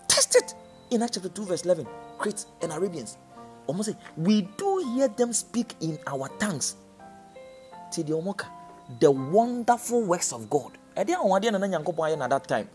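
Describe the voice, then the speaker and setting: A man with a Ghanaian accent preaching a sermon, impassioned, dropping low and then crying out. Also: sing-song, moderate pace, darkish tone, faint music behind.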